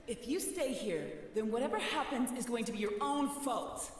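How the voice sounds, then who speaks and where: A woman voicing a tiny winged girl under a sheet, playing a ghost with a slow, spooky, put-on drawl, in a game. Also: fairly high pitch, animated, breathy edge, long reverb tail, faint music behind.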